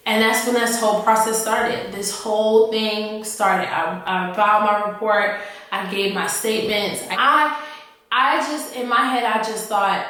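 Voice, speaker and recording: A woman officer telling a personal story in a halting, earnest way, often repeating herself. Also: medium pitch, steady tone, sharp tone. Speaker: army officer recounting her experience. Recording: echoey room, voice from off-mic.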